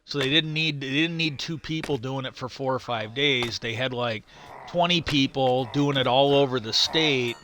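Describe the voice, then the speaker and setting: A man's voice: mid-range voice, moderate pace, sharp tone, a little hiss or hum. A middle-aged man chatting casually on a live stream while gaming, retelling a story in a rambling, stop-start way.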